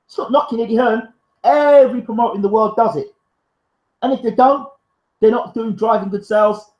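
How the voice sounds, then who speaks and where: A man's voice: very high-pitched, fairly quick, a little mellow, roomy sound, poor audio. Fiery man hosting a live stream. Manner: fiery, defensive, emphatic. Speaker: live show host. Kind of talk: live-stream talk, reading viewer comments.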